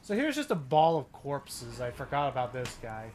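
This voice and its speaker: A man's voice: medium pitch, very animated, moderate pace, darkish tone. A man casually commentating while playing a video game, chatty and full of restarts. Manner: chatty, narrates his play with restarts. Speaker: game streamer. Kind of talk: let's play commentary.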